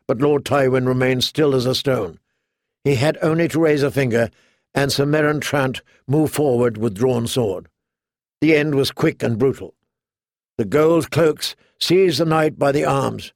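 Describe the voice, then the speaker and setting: A man reading a fantasy novel aloud as an audiobook narrator, measured and steady. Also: medium pitch, dry recording, clean studio sound. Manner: measured, storytelling. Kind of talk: scripted narration.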